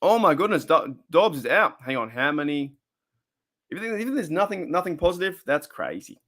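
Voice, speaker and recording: A man's voice: a little high, very animated, moderate pace, a bit bright. A young Australian man hosting a casual live stream, rambling and repeating himself as he reads the chat.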